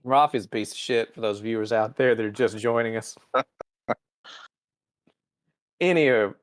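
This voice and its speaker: A man hosting a podcast, casually recapping a TV episode in a profane, storytelling way. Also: mid-range voice. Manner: profane, storytelling with quick character voices. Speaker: podcast host.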